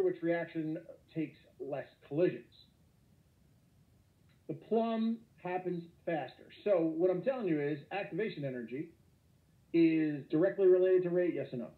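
Energetic joking male teacher on a tinny call. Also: on the high side, moderate pace. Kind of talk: online lecture. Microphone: computer mic. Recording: echoey, tinny phone-like online call.

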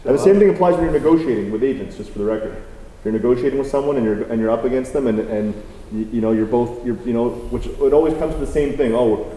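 Mellow-voiced male moderator in a hall. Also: medium pitch, fast talker. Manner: casual, rambling, many fillers. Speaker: host, moderator. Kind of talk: conversational moderating. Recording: roomy hall with faint ambience.

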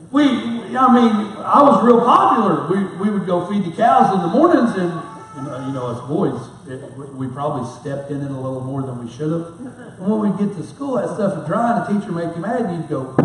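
A man's voice: a little high, fairly bright tone. A middle-aged man preaching a sermon as a pastor, telling rambling, folksy stories with self-mocking humor. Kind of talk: storytelling sermon. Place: church sanctuary. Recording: very echoey hall, mic far off.

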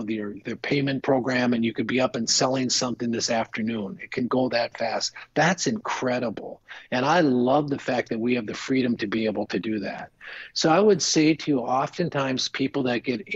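A man's voice: mid-range voice, slightly rough, no room sound, highs cut off. A man guest on a business podcast, telling stories in an earnest, rambling way full of restarts. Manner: earnest, rambling, frequent restarts and "you know". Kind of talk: casual storytelling interview.

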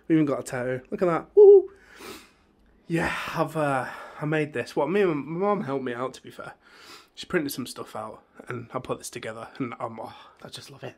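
A man with a hoarse, fading voice, rambling chattily through a casual room tour vlog filmed on a phone in his bedroom. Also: medium pitch. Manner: rambling, chatty, easily sidetracked. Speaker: YouTuber.

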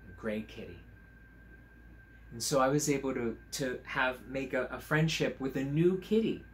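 A man, a teacher, reading a picture book aloud to children at home on camera, in a gentle, chatty way, stopping to point out the pictures. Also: medium pitch, a little hiss or hum.

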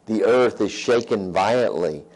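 A pastor preaches in a lowish, expressive, slightly mellow voice with a breathy edge, unhurried in his delivery. Conversational in manner, he reads scripture aloud and checks in with listeners by asking "right?". The recording is rough.

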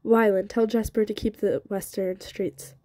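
A woman's voice: fairly even intonation, unhurried, warm tone, dry recording, studio quality, natural voice. A woman reading as a grim stern young soldier. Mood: explaining. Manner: grim, low and clipped.

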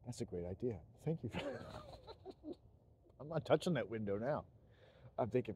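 A man talking in a rambling monologue, meandering and halting, with frequent restarts and chuckles. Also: medium pitch, wildly swooping pitch, warm tone, a little hiss or hum.

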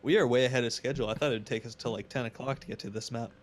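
A man's voice: medium pitch, steady tone, racing. A young man gaming with friends over voice chat, teasing and joking crudely. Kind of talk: casual gameplay chat with friends.

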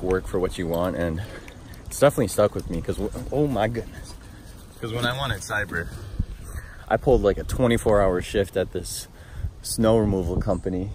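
A man's voice: on the low side, darkish tone, a little hiss or hum. A young man vlogging casually outdoors, chatty and laughing at his own jokes while talking to his dogs. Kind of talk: casual vlog chat.

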